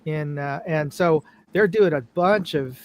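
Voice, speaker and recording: A man's voice: on the high side, measured pace, background noise. A man from California chatting as a guest on a livestream, laughing easily. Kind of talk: casual livestream chat.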